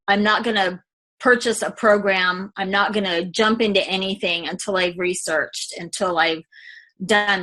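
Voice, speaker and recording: A woman realtor speaks with a bright, forceful tone, candid and heartfelt. She gives a client testimonial and often trails off with fillers. Her pitch sits in a middle range. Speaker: real estate agent client.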